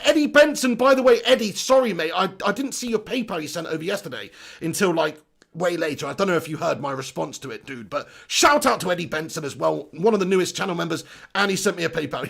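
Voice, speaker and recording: Upbeat man with a gravelly voice. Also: sits high, fast talker, fairly bright tone. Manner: chatty and upbeat, laughs often. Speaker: football channel host. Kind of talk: live-stream fan chat, reading comments.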